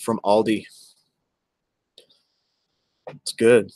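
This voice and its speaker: A man's voice: on the low side, flat delivery, extremely slow, darkish tone, no room sound. A man, chatting casually on a livestream and answering viewers by name in a rambling way. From Texas.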